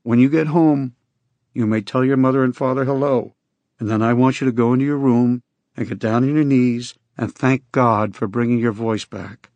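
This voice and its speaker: Man doing a calm, stern reverend. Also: medium pitch, no room sound, dull audio, lightly acted. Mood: firm. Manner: measured, reassuring instructions. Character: calm, careful male reverend healer, stern.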